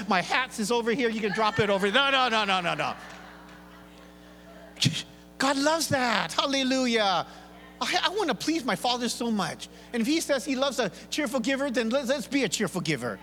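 A middle-aged man with a high, bright voice preaches to his congregation, lively and joking. He slips in and out of playful voices as he acts out churchgoers. The sound carries the long reverb of a large church hall. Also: fairly quick. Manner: animated, acts out congregation voices with big pitch swings. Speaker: pastor. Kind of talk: sermon. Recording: live church hall reverb, faint hum.

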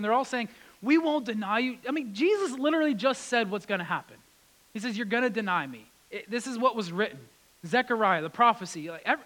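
A man preaching a sermon, retelling scripture with lively acted-out quotes. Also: high-pitched, poor audio. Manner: animated, acts out quotes with rising intensity. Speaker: pastor.

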